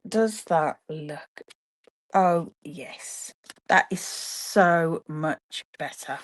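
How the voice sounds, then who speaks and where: Her voice lowish and a little mellow, a woman runs a live card-making demonstration from her home craft room. She is chatty, talking to viewers the whole time she works.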